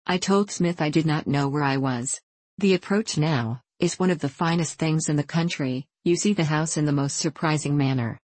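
A woman reading an audiobook voices an earnest, dull young gentleman who repeats himself. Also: low-pitched, normal speed, no echo. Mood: eager. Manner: earnest and repetitive. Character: dull, eager young gentleman, easily impressed.

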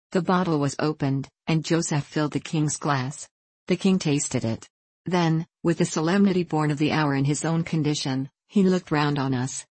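A woman narrating a classic adventure novel in a measured storytelling way. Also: low voice, darkish tone, no room sound. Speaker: audiobook narrator. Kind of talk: audiobook reading of a classic novel.

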